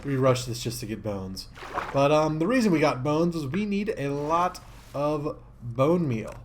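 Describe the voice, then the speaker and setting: Male let's-play host, higher-pitched voice, rambling casual commentary that jumps to excitement. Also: measured pace, slight background noise. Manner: rambling and easily excited, many fillers.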